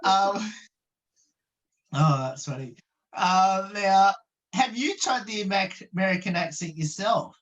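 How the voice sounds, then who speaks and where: A woman's voice: medium pitch, unhurried, pauses often, dull audio. A woman interviewer for a radio show, asking questions over a video call with many ums and uhs.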